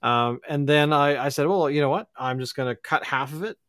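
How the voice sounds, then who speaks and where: A man's voice: on the high side, fairly quick, a bit bright, no room sound, clean studio sound. A man hosting a podcast, talking in a rambling, reflective way full of fillers. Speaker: podcast host. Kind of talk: casual chat.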